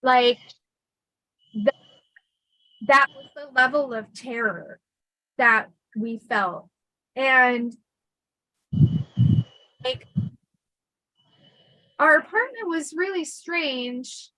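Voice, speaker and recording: A woman hosting a casual storytelling livestream, chatty and animated with lots of fillers. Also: high-pitched, very slow, long pauses, no echo, low-quality recording. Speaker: host.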